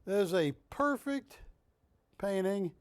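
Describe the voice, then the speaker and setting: A man hosting a live shopping channel, pitching art with jokey, teasing sales patter from a television studio. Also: expressive, slow, clean tone.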